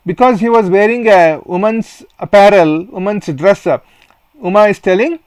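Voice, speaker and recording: Indian english guy teaching sanskrit line by line, kinda high voice, dry close mic. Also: moderate pace, a little mellow, dry recording. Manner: reads Sanskrit phrase by phrase and glosses each in English. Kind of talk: lesson reading and translating a textbook play.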